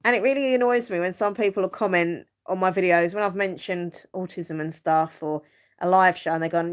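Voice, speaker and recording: A middle-aged woman talks casually to her live stream viewers. Her voice sits a little low, and she rambles along with plenty of fillers and easy laughter. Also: brisk, clear, resonant tone. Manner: chatty and rambling, many fillers, laughs easily. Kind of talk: casual chat.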